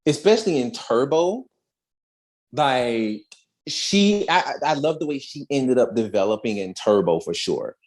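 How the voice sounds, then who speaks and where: A man co-hosting a casual fan discussion podcast, talking in an animated, emphatic way and often repeating words. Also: mid-range voice, a little slow. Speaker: podcast co-host.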